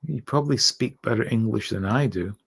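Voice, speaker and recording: Speaking in a lowish, gravelly voice with a breathy edge, a Scottish-born man hosts a late-night livestream, his accent softened by years in North America. He reads out viewer comments in a halting, rambling manner, thanks viewers, and fills the gaps with "uh"s and restarts.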